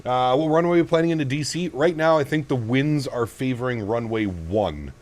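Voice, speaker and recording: A man's voice: medium pitch, fairly quick, darkish tone. A man from Canada hosting a live flight sim stream in a casual way, greeting viewers by name and talking through each cockpit setup step. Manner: greets viewers by name, reads chat aloud.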